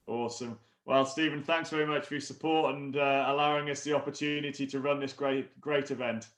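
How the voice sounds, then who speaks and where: A man's voice: medium pitch, fairly even intonation, brisk, a bit bright, reverberant. A man hosting a live online fitness event, enthusiastic and stumbling over restarts. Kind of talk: upbeat live-stream hosting.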